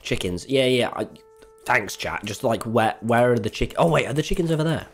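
Excitable young man streaming games. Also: mid-range voice, a little fast, faint music behind. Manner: excitable, swears freely, jumps between game and chat. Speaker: game streamer. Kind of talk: live-stream chat while playing.

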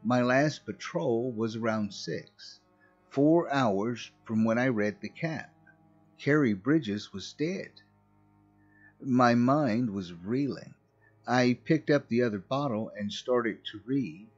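Guy reading a creepy story real slow, husky voice, muffled audio with soft music under it. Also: medium pitch. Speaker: horror story narrator. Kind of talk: scripted horror narration. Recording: muffled recording with faint music.

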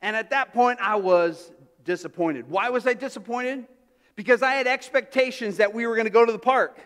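A high-voiced male pastor preaches a sermon in a loose, conversational storytelling manner. He often restarts and drifts into asides. His voice carries with a long reverb through a church sanctuary. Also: moderate pace, a bit bright, smooth.

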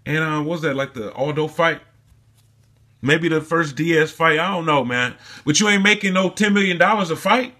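A man rants through a casual sports vlog, swearing freely and mocking his target with heat. His voice sits slightly high, with a tense, bright edge. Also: normal speed. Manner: profane, heated and mocking. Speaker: sports commentary vlogger. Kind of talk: casual ranting commentary.

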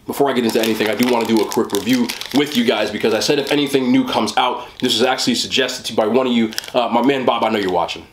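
Chatty excited man in an echoey room. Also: mid-range voice, a little hiss or hum. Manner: enthusiastic, chatty, rambling. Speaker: mukbang host. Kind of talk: casual food review.

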